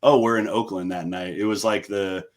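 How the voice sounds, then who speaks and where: A man's voice: fairly low pitch, steady tone, moderate pace, crowd noise. A young man from the United States, a metal band frontman, telling stories in a casual, laid-back way, swearing freely and acting out what others said. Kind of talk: casual storytelling chat.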